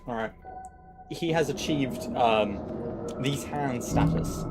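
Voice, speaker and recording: A young man giving casual gameplay commentary as a streamer, swearing and bursting out in excited jokes. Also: mid-range voice, moderate pace. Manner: swearing, excitable, joking outbursts. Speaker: gaming streamer. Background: loud game music.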